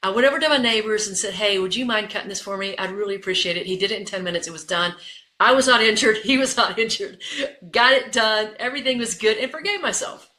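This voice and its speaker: A woman's voice: mid-range voice, fast, few pauses, pushed and bright, echoey room. A woman leadership coach, a guest in an interview, talking with energy and repeating phrases for emphasis.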